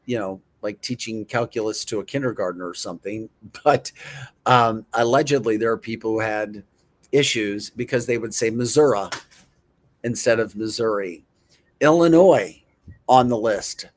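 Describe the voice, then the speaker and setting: A middle-aged man hosting a casual chat show, playful, repeating words in mock pronunciations and chuckling often. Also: mid-range voice. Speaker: show host.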